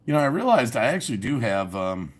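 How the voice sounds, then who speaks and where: A man's voice: medium pitch, very animated, a little fast. A man in his fifties live-streaming from his home garage on a phone, chatting casually, laughing often and answering his viewers' chat. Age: 50s.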